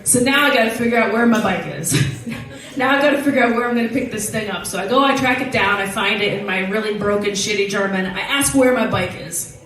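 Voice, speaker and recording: A woman telling a story from a stage, casual, animated and profane, often laughing. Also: mid-range voice, fairly quick. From United States. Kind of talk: live storytelling. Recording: very echoey hall, voice from far off.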